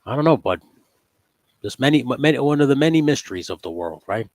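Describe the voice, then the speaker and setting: A man's voice: medium pitch, lively intonation, fast, a little mellow, dry recording. A man in casual chat as a guest, laid-back and profane, laughing often. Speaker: podcast guest.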